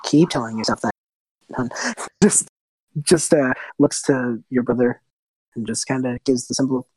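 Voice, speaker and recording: A man narrating a tabletop game as game master, in a relaxed, loose way full of small fillers. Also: medium pitch, measured pace, long pauses, slightly rough, no echo, rough recording.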